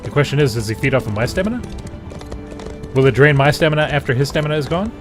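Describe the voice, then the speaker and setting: A man's voice: medium pitch, expressive, fast talker. A man giving playful, sarcastic commentary while playing a video game, sometimes chanting silly phrases. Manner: silly, sarcastic, sings nonsense. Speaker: gameplay commentator. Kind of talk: playful let's-play commentary. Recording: voice with game music and sounds behind.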